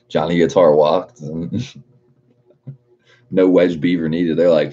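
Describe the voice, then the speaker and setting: Male streamer, deep husky voice, laid-back and profane, reads chat aloud, muffled stream audio. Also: little pitch movement, slow, pauses often, warm tone. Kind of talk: casual livestream chat.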